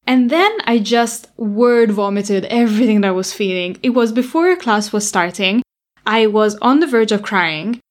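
A young woman tells a personal story straight to the camera. She talks openly and candidly, sometimes with an anxious edge as she recalls old worries. Her pitch sits in a middle range. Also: moderate pace. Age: young adult.

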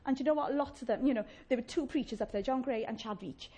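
A woman's voice: on the high side, quick pace, dark tone, husky. A woman preaching a chatty, humorous sermon, acting out little voices of complainers.

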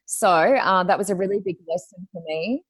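Chatty woman, lowish voice. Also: moderate pace, slightly rough, dry recording, studio quality. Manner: chatty storyteller, acts out quotes. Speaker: guest, Reiki healer and reader. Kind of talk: casual chat.

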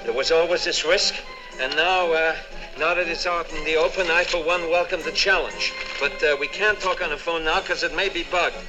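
An actor playing a smooth-talking, paranoid male concert pianist who soothingly and insistently reassures his lover in a 1960s film. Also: on the high side, steady tone, moderate pace, natural voice, low-quality recording. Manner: soothing, insistent, repeats "listen". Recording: film soundtrack with music behind.

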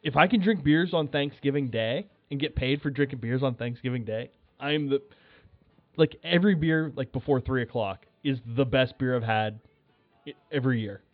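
A man telling a rambling, animated story in casual chat, acting out his own shouts. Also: medium pitch, moderate pace, no echo, soft background music. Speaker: podcast guest. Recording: tinny phone line, dry.

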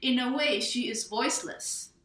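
Woman from Taiwan, bright echoey voice. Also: on the high side, normal speed. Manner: animated, laughing, tags lines with "right?". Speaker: memoir author, guest. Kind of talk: storytelling in an interview.

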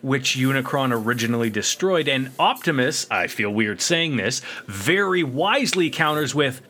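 Bright-voiced man, jokey podcast recap. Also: mid-range voice, animated, moderate pace. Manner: jokey, laughs often, acts out quotes. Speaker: podcast co-host. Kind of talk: casual chat recapping a cartoon episode.

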